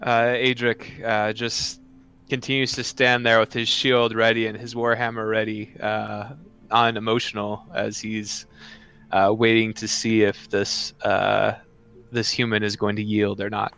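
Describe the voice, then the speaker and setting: A man describing his character's actions in a tabletop game, measured and hesitant with fillers. His voice is smooth and clear. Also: fairly low pitch, monotone, a bit bright, soft background music. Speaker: player.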